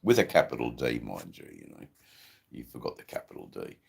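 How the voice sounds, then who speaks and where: A middle-aged Australian man with a persistent cough, hosting a casual livestream in a slow, rambling way with frequent ums. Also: rumbling low, very animated. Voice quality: gravelly. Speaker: livestream host. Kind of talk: casual livestream chat reading comments.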